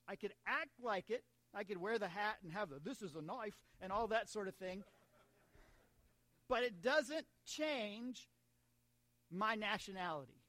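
High-voiced American man preaching. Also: expressive, measured pace, pauses often, sharp tone, dry recording. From United States. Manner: conversational preaching with asides and humor. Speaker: pastor. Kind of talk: sermon.

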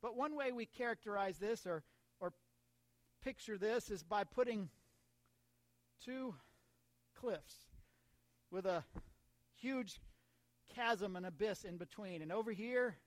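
A man's voice: high voice, slow, long pauses, no echo. An American man preaching a sermon in a conversational way, mixing humor and asides with scripture. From United States. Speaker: pastor.

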